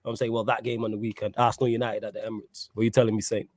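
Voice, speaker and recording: A man's voice: lowish voice, little pitch movement, very fast, a little mellow, dry recording. A man hosting a casual football chat, laid-back and reading out viewer comments. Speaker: host.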